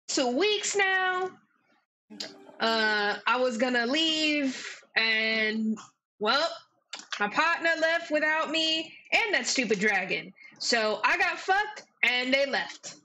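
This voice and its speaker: A woman's voice: high voice, lively intonation, slow, sharp tone, slight background noise, exaggerated voice. A woman voicing a tough, foul-mouthed female bullywug prisoner with a Boston accent. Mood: brash, bitter. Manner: brash, swearing.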